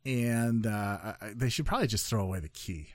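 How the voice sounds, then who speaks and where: A man's voice: mid-range voice, animated, fairly quick, dry recording. A man hosting a casual news podcast, joking and rambling with many fillers and restarts. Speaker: podcast host.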